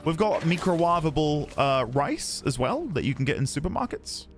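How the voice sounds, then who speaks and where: A man's voice: on the high side, big pitch swings, moderate pace, soft background music. A British man casually chatting and rambling while streaming a game, laughing easily and answering his chat. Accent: British English. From United Kingdom.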